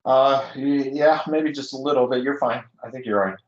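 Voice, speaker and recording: A man's voice: medium pitch, fairly even intonation, normal speed. Male student chiming in tentatively from across a roomy classroom, lo-fi. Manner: tentative questions and remarks from the class. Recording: distant, roomy lo-fi classroom audio.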